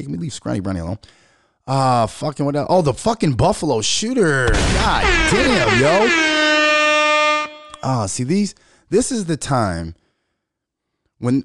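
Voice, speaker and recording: Middle-aged man, profane rant, lively up-and-down delivery, dry close sound. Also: mid-range voice, dry recording. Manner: loud, profane, animated storytelling. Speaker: commentary vlogger.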